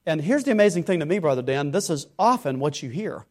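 Preaching with a voice on the high side, this man talks quickly and expressively. He alternates between booming exhortation and hushed sincerity, playing out the questions of imagined listeners and the replies to them.

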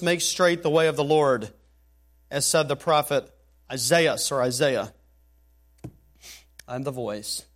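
A man preaching an expository sermon, reading scripture aloud and building to emphatic, rising declarations. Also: a little high.

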